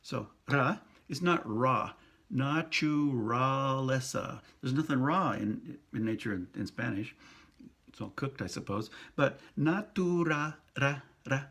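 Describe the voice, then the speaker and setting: A priest giving a casual pronunciation lesson, speaking slowly and patiently, repeating and sounding out syllables. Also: male voice, medium pitch, animated, creaky, a bit bright, husky. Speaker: priest teaching Spanish pronunciation.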